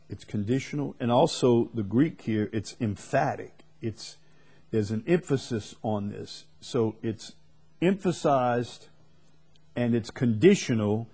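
A man's voice: medium pitch, mellow, breathy edge. A man preaching a sermon, stressing and repeating key words with rising emphasis.

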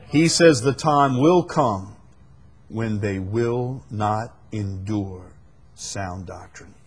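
Preaching to a congregation, a husky-voiced male pastor moves back and forth between strong, loud emphasis and quiet, low speech. Rhetorical questions punctuate his sermon.

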